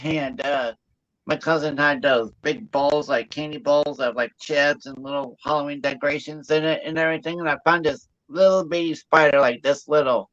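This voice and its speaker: A man telling animated prank stories casually on a livestream, acting out the quoted lines. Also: fairly high pitch, muffled recording. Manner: animated, quick, acts out quotes. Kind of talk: casual storytelling.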